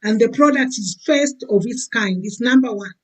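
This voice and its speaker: Sex: woman. Role: guest giving a testimony. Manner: chatty, many fillers. Pitch: somewhat high. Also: normal speed, low-quality recording. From Zambia. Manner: warm, filler-heavy, keeps saying "you know". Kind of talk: testimonial chat.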